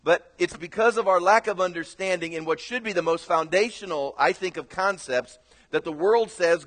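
A pastor preaches a sermon in a high, bright-edged male voice. He tells his story earnestly and rises to loud exhortation. A long hall reverb trails his words. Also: moderate pace.

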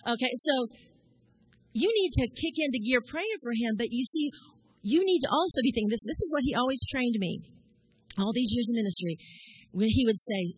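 A middle-aged woman preaching to her congregation, chatty and animated, firing questions at the listeners. Her voice sits a little high and carries a husky, breathy edge, heard dry and close with no room around it. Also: moderate pace, dry recording, rough recording. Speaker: church leader addressing congregation. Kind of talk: sermon.

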